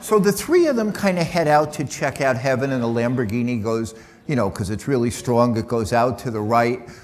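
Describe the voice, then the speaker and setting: A man's voice: medium pitch, lively intonation, moderate pace, a little mellow. A middle-aged man giving a humorous talk to an audience, joking in a loose, conversational way. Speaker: speaker.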